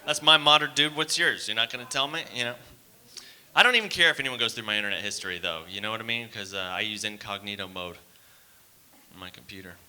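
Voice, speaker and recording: Man, stand-up comic, rambling, self-deprecating, filler words, bright voice. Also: on the low side, expressive, fast talker. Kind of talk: stand-up comedy set. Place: theater stage.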